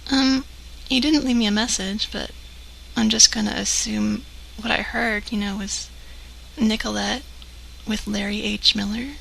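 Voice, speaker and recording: A breathy, coy flirt leaves a slow, teasing voicemail, as a woman puts her on. Her voice is bright with a gravelly edge. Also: mid-range voice, fairly even intonation, a little hiss or hum, rough recording. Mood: flirty. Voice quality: breathy, half-whispered. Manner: coy and teasing, with soft giggles.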